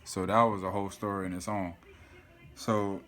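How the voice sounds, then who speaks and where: A vlogger from South Florida tells a casual story to camera in an animated way, his voice low and his pace normal. He swears a lot and keeps dropping "you feel me."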